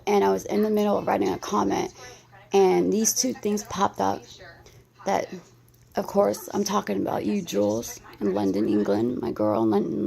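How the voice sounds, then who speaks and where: A woman's voice: medium pitch, vocal fry, mellow. Anxious rambling woman in her thirties. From United States. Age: 30s. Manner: rambling, restarts often, anxious. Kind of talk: emotional vlog response.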